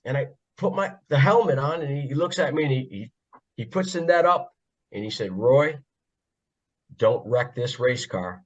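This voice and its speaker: A man's voice: on the high side, animated, fairly quick. A man from the northeastern US, a podcast guest telling casual stories in a jokey, laughing way. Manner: jokey, laughs often, self-described funny guy. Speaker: podcast guest, former pit crew member. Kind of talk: casual storytelling. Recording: slightly dull lo-fi audio.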